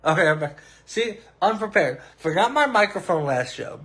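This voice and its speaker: A male podcast host in casual sports and wrestling talk, hoarse with a cracking voice, animated and stretching words for drama. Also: high voice, moderate pace. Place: home room at a computer. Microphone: desk microphone.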